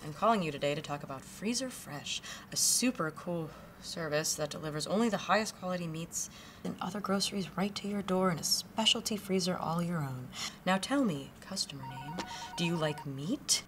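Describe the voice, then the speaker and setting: A woman's voice: fairly low pitch, normal speed, a bit bright, a little hiss or hum, close to an everyday voice. A young woman playing a new telemarketer with a dry, sarcastic manner, in a comedy audio drama. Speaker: new telemarketer on her first day.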